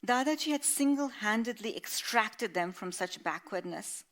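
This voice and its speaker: A woman author reading her own novel aloud in a measured, expressive way. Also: on the high side.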